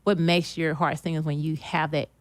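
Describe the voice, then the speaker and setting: Earnest motivational woman, low voice. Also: level tone, moderate pace, dry recording. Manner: earnest, motivational, repeats phrases. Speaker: guest, dietitian and author. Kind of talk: casual interview chat.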